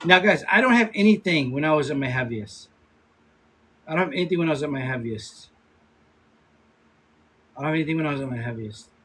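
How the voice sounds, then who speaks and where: A man in his fifties hosting a casual livestream. He laughs often, swears freely and gives quick shout-outs to viewers. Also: on the high side, lively intonation, slightly rough, low-quality recording. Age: 50s. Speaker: livestream host.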